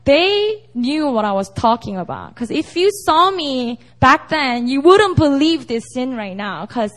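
A young South Korean woman, a native Korean speaker, delivers a casual, animated sermon in a relaxed, chatty style, peppering it with "you know" and "right?" to check her listeners follow. Her high voice swings widely in pitch, she talks a little slowly, and she sounds conversational rather than formal.

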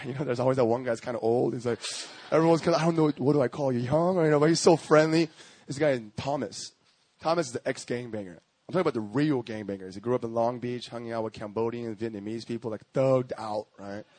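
A male pastor preaching a sermon, telling stories in a lively, slangy way and often laughing as he talks. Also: medium pitch. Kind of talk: sermon with storytelling.

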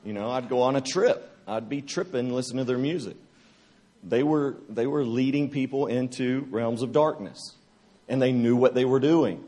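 A man delivers a testimony-style sermon at a church retreat. He tells it like a lively, humorous story and acts out each scene as he goes. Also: medium pitch, normal speed. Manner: animated, joking storyteller who acts out scenes. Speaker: retreat speaker.

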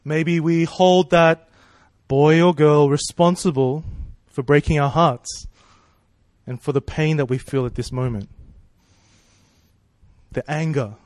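A man's voice: a little high, steady tone, slow, a little mellow, no echo, studio quality. A man preaching a sermon in a casual, conversational way, asking rhetorical questions and checking in with "right?" and "you know".

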